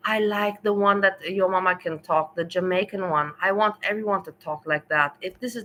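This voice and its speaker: A woman streamer whose first language is not English talks in a bright, forward voice. She rambles through blunt, opinionated commentary in a loose, casual livestream manner. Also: medium pitch, a little hiss or hum, rough recording.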